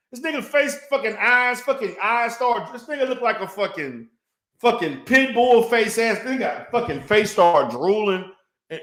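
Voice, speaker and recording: In an echoey room, a man with a very high, slightly bright voice records a response video as an online commentator. His rant is heated and insulting, full of profanity and mockery.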